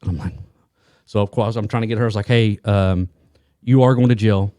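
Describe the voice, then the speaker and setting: A man's voice: lowish voice, fairly even intonation, a little fast, mellow, clear, resonant tone, no room sound, studio quality. A man co-hosting a podcast, telling a rambling anecdote full of restarts and asides in casual chat. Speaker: police detective and co-host.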